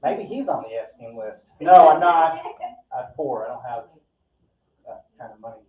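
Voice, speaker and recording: A man doing a stand-up set at a live comedy event, with a deadpan, profane, rambling delivery. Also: medium pitch, normal speed. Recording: echoey, distant, dull live recording.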